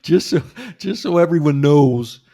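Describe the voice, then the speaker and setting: A man's voice: a little high, unhurried, mellow, no room sound, clean studio sound. A man hosting a podcast, swapping hunting stories in casual chat, laughing as he goes. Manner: storytelling, laughs often. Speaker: podcast host.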